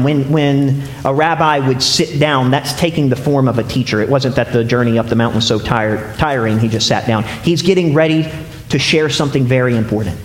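A man's voice: on the high side, a little hiss or hum. A young man preaching a sermon, telling a story and asking the congregation questions. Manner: storytelling, asks the audience questions. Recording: echoey hall with long reverb.

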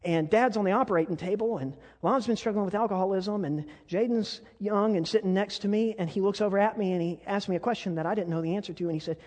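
A man's voice: high-pitched, quick pace, hardly any pauses. Fervent male preacher in an echoing church. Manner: impassioned storytelling that drops to soft, intimate tones. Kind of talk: sermon. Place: church sanctuary. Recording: long reverb of a large church hall.

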